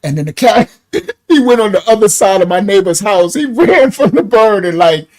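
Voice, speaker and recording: A man's voice: high-pitched, expressive, normal speed, a little mellow. A man preaching casually, telling a story in slangy street talk, laughing often and swinging his voice up and down.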